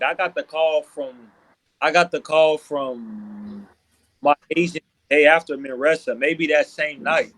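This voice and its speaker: A man in his thirties, a pro basketball player, recounts stories with lively animation in a relaxed interview. His voice sits a bit high for a man, and he keeps checking in with his listener. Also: unhurried, poor audio. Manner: animated, repeats "you know what I mean". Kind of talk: casual storytelling interview.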